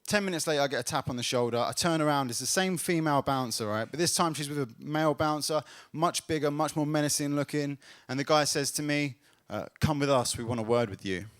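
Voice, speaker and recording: A man performing a stand-up comedy set on a club stage, telling a story and building to loud laughs. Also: on the high side, quick pace, few pauses.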